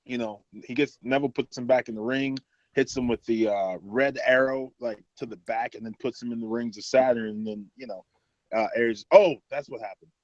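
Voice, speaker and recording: A man's voice: mid-range voice, steady tone, a little fast, darkish tone, no echo, dull audio. A man co-hosting a casual wrestling podcast, rambling through a match recap with lots of fillers and laughs. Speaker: podcast co-host. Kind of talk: casual chat.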